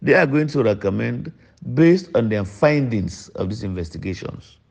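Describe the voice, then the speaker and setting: A man's voice: animated, normal speed, gravelly, a little mellow, slightly rough. Emphatic older Sierra Leonean man. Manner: emphatic, repeats points with sudden pitch jumps. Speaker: politician. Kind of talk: public address mixing English and Krio. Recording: dull lo-fi recording.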